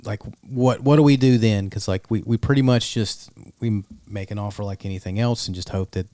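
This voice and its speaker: Podcast cohost guy thinking out loud, kinda low voice, dry close sound. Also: fairly quick, no echo. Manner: musing, hesitant, lots of "like" and "you know". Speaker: podcast co-host. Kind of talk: casual podcast chat.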